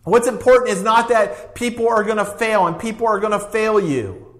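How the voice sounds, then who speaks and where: A man's voice: high voice, normal speed, a bit bright. A man preaching a sermon with an emphatic, repetitive cadence, reading scripture aloud. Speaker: pastor.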